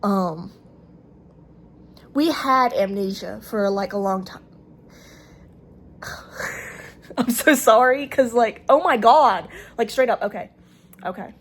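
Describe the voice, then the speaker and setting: Slowly and with long pauses, a woman with a Southern US accent vlogs to her own camera in a fairly high, slightly rough voice. Her casual monologue rambles, stalls, and restarts, padded with fillers.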